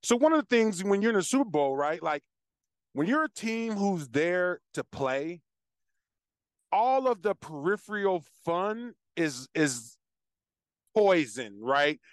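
A man casually telling a long personal story as host, with animated asides and frequent restarts. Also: high voice, slow, no echo, studio quality. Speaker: podcast host.

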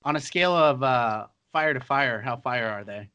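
A man's voice: medium pitch, moderate pace, sharp tone, clear, resonant tone, dull audio. A man hosting a podcast, asking upbeat casual questions. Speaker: podcast host.

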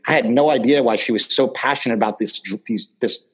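Husky-voiced middle-aged man rambling. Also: medium pitch, fast, poor audio. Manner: rambling storyteller, many fillers and restarts. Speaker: podcast guest. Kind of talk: casual conversation.

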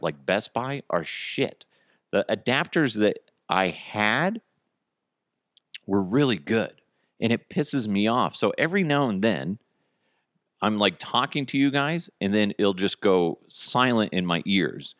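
A man in his thirties hosts a casual solo podcast, rambling and cursing with self-mocking humor. His fairly low, fairly bright voice is recorded at studio quality through headphones and a studio mic, with no room sound.

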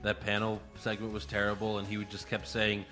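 Male co-host, casual recap chat, blunt delivery, crisp bright voice. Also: lowish voice, completely flat delivery, soft background music. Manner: blunt, profane, recaps with quick jokes. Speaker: podcast co-host.

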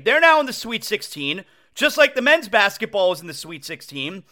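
An excitable male sports talk host riffing on his own show, his voice sitting high and swinging all over the place. His tone is bright and forceful, and he repeats himself and restarts sentences as the thoughts pile up. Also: moderate pace, hardly any pauses. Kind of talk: casual sports talk monologue. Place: home.

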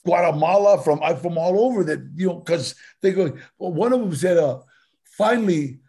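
An older man with a gravelly, husky voice sits down as a podcast guest. His speech is pitched a bit high and full of laughs, fillers and restarts as he spins his stories. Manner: animated, laughing, halting with many fillers. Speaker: guest actor. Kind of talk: casual storytelling.

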